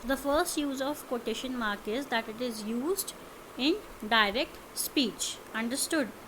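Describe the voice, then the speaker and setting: A woman teacher with an Indian English accent explaining grammar rules slowly, checking understanding with frequent questions. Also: fairly high pitch, lively intonation, background noise. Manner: slow, explanatory, repeats and quizzes with "understood?". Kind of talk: classroom grammar lesson.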